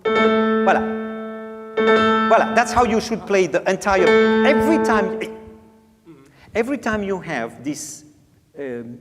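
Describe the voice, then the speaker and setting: A man's voice: sits high, a little slow. A man teaching a piano master class, singing out phrases and joking as he coaches. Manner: animated, sings out phrases, playful. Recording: reverberant hall, faint piano.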